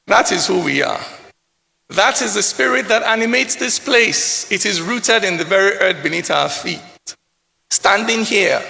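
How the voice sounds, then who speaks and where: A man's voice: high voice, creaky, pushed and bright. A man with a Nigerian accent performing a spoken-word poem as a welcome speech, rhythmic and declamatory, in a large convention hall. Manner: rhythmic, declamatory, building repetitions. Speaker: poet. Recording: echoey hall reverb.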